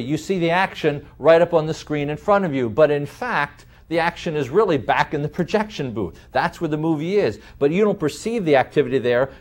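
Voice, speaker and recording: A man lecturing in a deliberate way, slowing down to stress key terms and explaining with vivid everyday examples. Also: on the high side.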